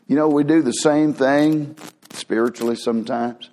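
Animated preacher man. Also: moderate pace. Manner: animated preaching, acts out quoted voices with big pitch swings. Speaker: pastor. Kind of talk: sermon.

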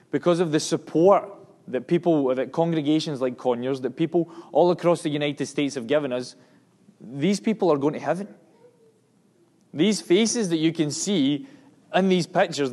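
Speaking to his congregation, a Scottish missionary preacher combines a sermon with a report on his mission, earnest and emphatic, frequently starting phrases over. His voice is a little high, with a darkish tone.

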